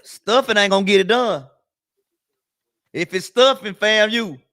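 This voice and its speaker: A man chiming in with quick remarks in casual sports banter. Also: high-pitched, a bit bright.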